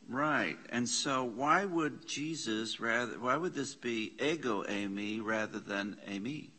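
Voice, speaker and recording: A man leading a Bible study class, slowly sounding out Greek words, repeating them and questioning his students. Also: medium pitch, sharp tone, roomy sound. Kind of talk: slow, explanatory Greek lesson. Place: church classroom.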